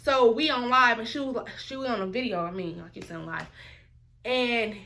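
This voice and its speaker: Animated high-pitched woman telling a story. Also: normal speed, creaky. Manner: animated storytelling, quotes others in raised voices. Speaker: vlogger. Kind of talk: casual storytime vlog.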